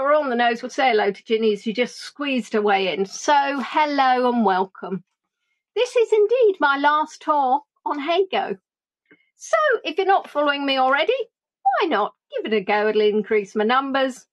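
A woman chatting casually as a livestream tour guide, greeting viewers by name and joking about herself. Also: high-pitched. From England. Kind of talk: casual live chat with viewers.

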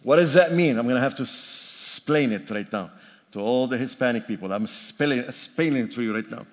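A man's voice: medium pitch, a little fast. Older man preaching in a reverberant church. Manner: emphatic, repetitive preaching with joking asides. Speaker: pastor. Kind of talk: sermon. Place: church sanctuary. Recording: long reverb of a church hall.

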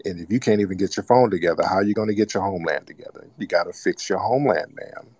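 Low-voiced man mocking a caller. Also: fast, a little mellow, no echo. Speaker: host of live call-in broadcast. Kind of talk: casual call-in radio talk.

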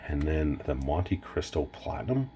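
A man's voice: a bass voice, very animated, unhurried, dark tone, a little hiss or hum. A Canadian man casually showing off cigars in a vlog, enthusiastic and rambling with fillers. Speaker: cigar reviewer.

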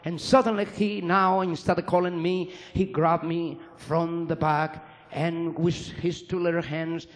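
A man with a fairly high voice gives a spoken testimony to an audience. He talks in halting English, learned as an adult, and circles back to repeat his phrases with earnest weight. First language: Spanish. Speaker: former priest giving testimony.

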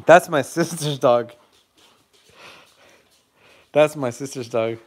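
Male live streamer on a phone, casual and chatty, unhurried delivery. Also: medium pitch, darkish tone. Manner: chatty, laughing, calls out to dogs.

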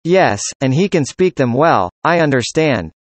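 Speaker doing practice conversation lines, plain even delivery, dry close sound. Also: mid-range voice, a little slow, no room sound. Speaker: dialogue reader.

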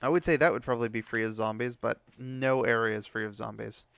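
A man's voice: medium pitch, steady tone, fast, vocal fry, a bit bright, clear, resonant tone, no room sound. A young man giving casual commentary while playing a game, ranting and swearing when things go wrong. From United States. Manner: frustrated ranting, heavy swearing. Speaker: gameplay commentator.

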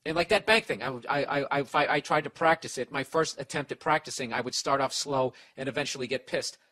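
Man, comedy podcast host, profane advice rant, rambling, self-interrupting, middle-pitched voice. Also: quick pace. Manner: profane, rambling, animated ranting; restarts and mock voices for people in stories.

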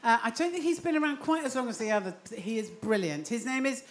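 A woman introducing the next comedian at a comedy night, in a slow announcing manner. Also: a little high, expressive. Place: comedy club stage. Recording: distant live club recording with noise.

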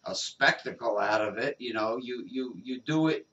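A man in a casual discussion, talking haltingly with many restarts. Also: mid-range voice, fairly bright tone. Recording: dull distant lo-fi sound.

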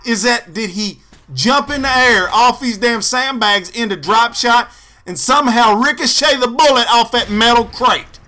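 Young male gaming host, angry sarcastic ranter, high-pitched, cutting tone. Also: a little slow, bright, forceful tone. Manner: profane, ranting, sarcastic. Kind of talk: angry gameplay commentary.

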